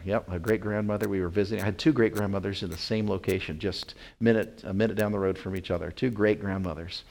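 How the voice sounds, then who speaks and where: Middle-aged male pastor, low-pitched, earnest sermon delivery with emphatic bursts. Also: a little mellow. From Wyoming. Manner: earnest preaching with rising emphatic peaks and many fillers.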